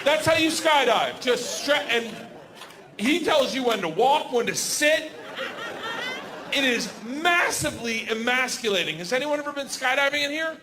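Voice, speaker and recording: Performing live in a comedy club, this loud, high-voiced man from the United States delivers stand-up storytelling at a moderate pace. He's animated and plays out the characters himself, while crowd noise and laughter fill the recording.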